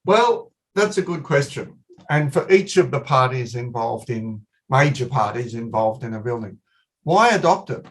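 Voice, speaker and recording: A man's voice: mid-range voice, animated, normal speed. A middle-aged man with an Australian accent giving an online technical presentation in a conversational way, repeating his key points for emphasis. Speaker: guest speaker, company managing director.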